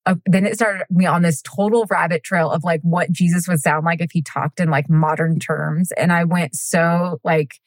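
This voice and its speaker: A woman with a slightly low voice retells a true crime case in a loose, chatty podcast style. She giggles, wanders off on tangents and swears casually. The recording is dry and close to the mic. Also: steady tone, moderate pace, hardly any pauses, dry recording. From United States. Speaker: podcast co-host telling a true crime story. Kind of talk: casual podcast chat and storytelling.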